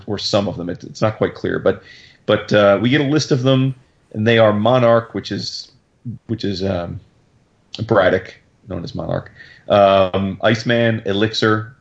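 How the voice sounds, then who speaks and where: Excitable, slangy man recapping comics. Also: on the low side, normal speed. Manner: excitable, profane and slangy, with many fillers. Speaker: podcast host. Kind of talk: casual comic book recap chat. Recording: dull lo-fi podcast audio.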